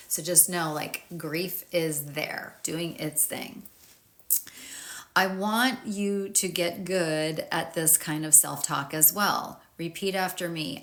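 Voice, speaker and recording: A woman's voice: low-pitched, fairly even intonation, unhurried, fairly bright tone. A woman author talking candidly to camera about her grief guide, frank and informal, swearing freely and thinking aloud. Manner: thinks aloud with fillers and restarts.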